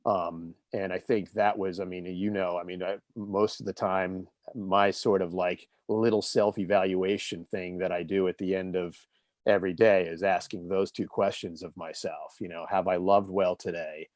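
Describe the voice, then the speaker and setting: A man's voice: deep voice, level tone, moderate pace, darkish tone, no room sound, clean studio sound. A man in his fifties, an interview guest telling personal stories in an earnest, reflective, conversational way. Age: 50s. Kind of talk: casual conversational storytelling.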